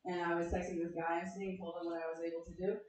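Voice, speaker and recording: A woman performing a deadpan, self-deprecating stand-up set on a comedy club stage, asking the crowd questions between jokes. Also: fairly low pitch, fast, slight background noise. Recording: echoey club room from far off, crowd laughter. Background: audience laughing.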